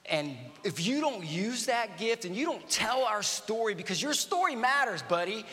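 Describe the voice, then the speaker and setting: A man's voice: sits high, normal speed. A man in his fifties, an army veteran giving a guest talk at a church, telling stories and acting out dialogue. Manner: animated storytelling with acted-out dialogue. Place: church auditorium. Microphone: stage microphone. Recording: reverberant church hall.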